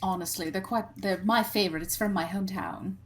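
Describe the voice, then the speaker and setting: A woman's voice: mid-range voice, brisk, close to an everyday voice. A woman voicing a polite, refined female adventurer who speaks formally in a tabletop game.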